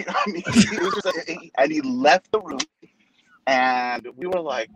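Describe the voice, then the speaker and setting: A man's voice: fairly high pitch, takes it slowly, very noisy. A male pastor in his forties telling a story in casual chat, acting out the voices of the people in it. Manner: animated storyteller who acts out quoted voices.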